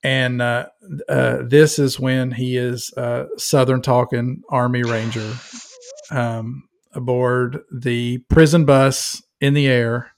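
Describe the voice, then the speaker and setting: An American man with a gravelly edge to his voice, talking enthusiastically and loosely about movies. He rambles through ums and restarts in a casual podcast chat. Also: mid-range voice, flat delivery, slow pace. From United States. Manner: enthusiastic, rambling, many fillers. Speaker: podcast co-host.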